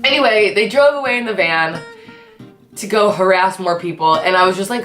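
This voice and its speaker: Profane, animated woman storyteller. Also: mid-range voice, moderate pace. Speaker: host. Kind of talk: casual storytime. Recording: echoey room with faint guitar music.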